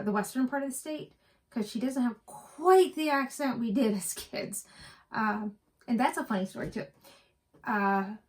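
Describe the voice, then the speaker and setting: A middle-aged woman from West Virginia co-hosting a cross-stitch vlog, chatting and telling rambling stories. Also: medium pitch. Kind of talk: casual chat.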